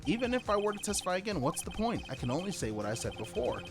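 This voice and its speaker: A man's voice: high voice, sing-song, quick pace, music in the background, pitched above the performer's own voice. A man reading as a smug, cool woman witness. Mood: cool, dismissive. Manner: reading game text aloud, dry and dismissive.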